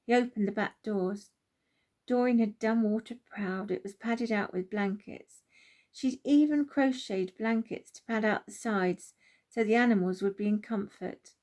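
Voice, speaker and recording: A woman narrating a children's story aloud, gently and expressively. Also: medium pitch, moderate pace. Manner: gentle, expressive, does voices for each character. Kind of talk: storybook narration with character voices.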